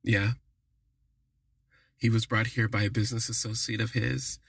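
A man voicing a relaxed, worldly male party regular in his story, speaking matter-of-factly. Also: fairly low pitch, moderate pace, gravelly, slightly rough, no room sound, clean studio sound, full character voice. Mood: casual.

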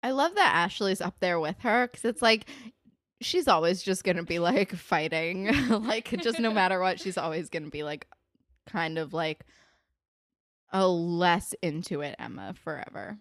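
A young woman casually discussing a TV show with a friend, animated and indignant, with plenty of "um" and "like". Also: measured pace, no room sound, clean studio sound. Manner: animated, indignant, swoops up in pitch, many fillers. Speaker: podcast co-host. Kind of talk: casual chat.

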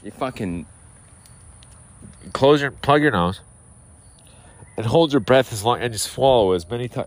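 A man's voice: mid-range voice, animated, measured pace, pauses often. A man hosting a podcast outdoors, ranting in a sardonic, profane, rambling way. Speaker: podcast host. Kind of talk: casual profane rant.

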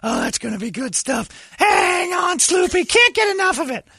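An actor playing an excitable, rambling male football superfan who shouts crude non sequiturs. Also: very high-pitched, quick pace, creaky, breathy edge, dry recording, studio quality, exaggerated voice. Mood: gleeful. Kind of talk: sketch comedy character.

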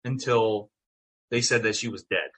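A middle-aged man telling a story in casual chat, animated and swearing, acting out what people said. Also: fairly low pitch, measured pace. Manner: animated, swearing, acts out quotes. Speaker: guest, town mayor.

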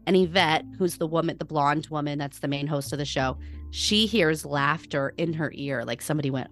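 A woman's voice: low voice, moderate pace, soft background music. An American woman co-hosting a podcast, chatting casually and acting out the quotes in her stories. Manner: animated storytelling, acts out quotes. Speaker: podcast co-host. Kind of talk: casual chat.

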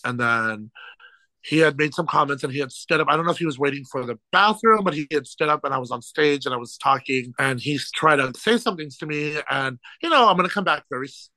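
A man who works as a drag show host, a guest on a podcast telling stories in an animated, laughing way and acting out quotes. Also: mid-range voice, no echo, poor audio. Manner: animated, laughs through stories, quotes people in lively voices. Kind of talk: casual storytelling chat.

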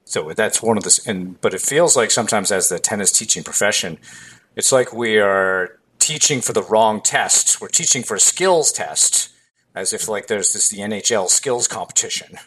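Low-voiced man, measured podcast host. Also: lively intonation, a bit bright, breathy edge. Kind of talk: conversational podcast interview.

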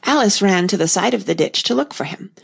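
A woman narrating a storybook as an audiobook reader, steady and unhurried. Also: medium pitch, gravelly, slightly rough. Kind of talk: scripted narration.

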